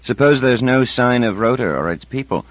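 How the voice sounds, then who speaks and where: A man reads an audiobook, voicing a confident, persuasive, and determined woman scientist over fifty. His mid-range, expressive delivery moves at a moderate pace, pitched above his own voice but still close to an everyday one, in a dull, dry recording.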